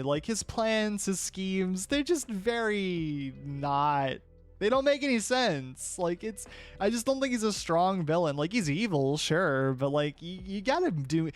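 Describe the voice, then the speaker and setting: Opinionated young man chatting with stream viewers. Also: a little high. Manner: rambling, opinionated, quick restarts. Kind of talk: casual chat with viewers.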